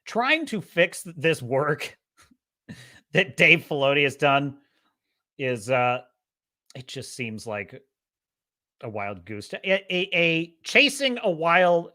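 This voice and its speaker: Lively, rambling man hosting a stream. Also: a little high. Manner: rambling, excitable, laughs easily. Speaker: show host. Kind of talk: casual livestream chat.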